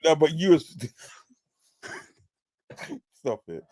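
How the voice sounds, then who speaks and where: Lively man with big laughs. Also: fairly high pitch, extremely slow, a crowd in the background. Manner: very animated, laughs a lot, says "man". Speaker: livestream co-host. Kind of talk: casual football watch-along chat.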